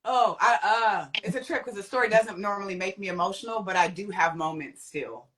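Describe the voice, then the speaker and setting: A woman's voice: brisk, a bit bright. A young adult woman telling her personal testimony as a guest, acting out quoted voices. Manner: vivid, acts out quoted voices with big pitch jumps. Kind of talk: personal storytelling.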